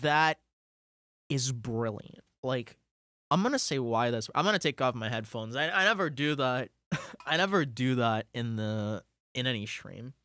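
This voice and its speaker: An excitable game streamer giving live-stream commentary, thinking aloud, swearing and laughing between words. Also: medium pitch, a little slow, no room sound.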